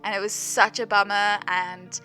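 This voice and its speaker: A young woman with a bright, clear voice, telling a personal story in a loose, chatty way. She fills her sentences with "like" and laughs easily as she goes. Soft music plays faintly underneath. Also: mid-range voice, little pitch movement, moderate pace. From South Africa. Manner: chatty, lots of "like", laughs often while telling. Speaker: vlogger. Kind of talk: storytime voice-over. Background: faint background music.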